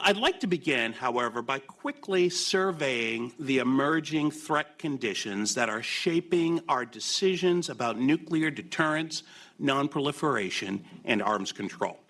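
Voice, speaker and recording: A man at a podium giving a prepared policy speech, opening with lively quips before settling into formal remarks and emphatic quotations. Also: a little high. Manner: reads quotations with rising emphasis. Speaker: keynote speaker. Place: conference hall podium.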